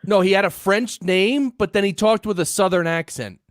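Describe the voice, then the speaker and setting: An eager, talkative man keeps the chat going with question after question. His voice sits a bit high and sounds close and dry. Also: moderate pace, no room sound. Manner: eager, chatty, asks questions. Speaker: podcaster on a livestream panel. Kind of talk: casual chat.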